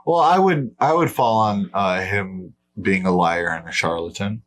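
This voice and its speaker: A man's voice: sits low, unhurried. A man co-hosting a podcast in casual chat, blunt and profane, dismissing claims outright. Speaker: podcast co-host.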